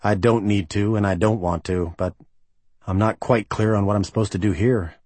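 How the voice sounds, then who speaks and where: A narrator with a husky voice plays a blunt, sarcastic man, a little higher and louder than his reading voice. The lines come short and curt, recorded close and dry. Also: fairly even intonation, moderate pace, no room sound, lightly acted.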